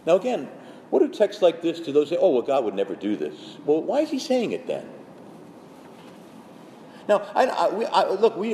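A man's voice: mid-range voice, warm tone. A man, a Catholic priest speaking to fellow priests, preaching urgently with many restarts and reading scripture aloud. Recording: long hall reverb, faint background noise.

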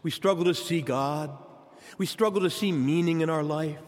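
A man's voice: a little high, normal speed. A man preaching a sermon, addressing the congregation directly with impassioned delivery. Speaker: pastor. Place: church sanctuary. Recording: long church reverb.

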